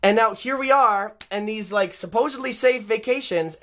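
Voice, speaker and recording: A man's voice: high voice, moderate pace, bright, forceful tone. A young adult man hosting a live-stream show, ranting in a heated, sarcastic, mocking way. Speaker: show host.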